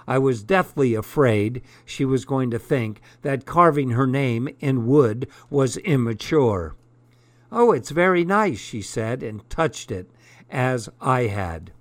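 A man narrating a first-person story aloud in an unhurried, deliberate reading. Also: mid-range voice, dry recording. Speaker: audiobook narrator.

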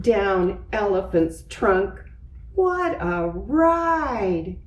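A woman reading a children's picture book aloud slowly and expressively, acting out its sound effects. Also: on the high side, animated, recorded from a distance. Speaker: storyteller. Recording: roomy, away from the mic.

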